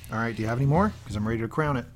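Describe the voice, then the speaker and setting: A man's voice: mid-range voice, racing, slight background noise. A man co-hosting a podcast, chatting casually about favorite lines and reading quotes aloud in dramatic voices. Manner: relaxed, jokey, reads quotes aloud in dramatic put-on voices. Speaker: podcast co-host.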